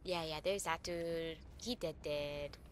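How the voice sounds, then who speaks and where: A woman streaming a horror game, giddy and excitable, laughing often as she thanks her viewers. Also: low voice, takes it slowly, a little hiss or hum. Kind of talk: live gameplay commentary.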